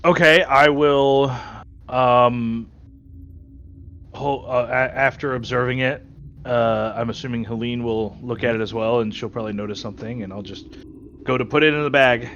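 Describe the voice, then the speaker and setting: A man playing a tabletop game, hesitant at times and forceful when he is in character. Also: medium pitch, steady tone, moderate pace, lo-fi sound, slight background noise. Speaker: player.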